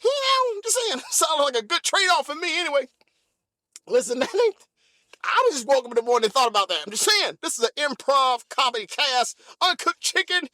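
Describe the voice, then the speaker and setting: Very high-voiced animated comedy host. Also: male voice, a little fast, no room sound, clean studio sound. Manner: animated, repetitive, laughs often. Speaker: podcast host. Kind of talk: improvised comedy monologue.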